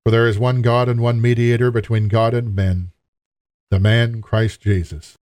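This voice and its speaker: A man's voice: medium pitch, flat delivery, normal speed, a little mellow, dry recording. A man preaching a sermon in an earnest, emphatic way, appealing directly to his listeners.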